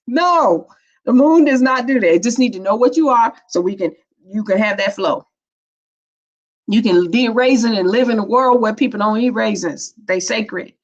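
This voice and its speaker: A woman's voice: on the high side, unhurried. A woman, giving a spiritual teaching talk in a playful, preachy, colloquial way. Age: 50s. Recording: dull lo-fi recording.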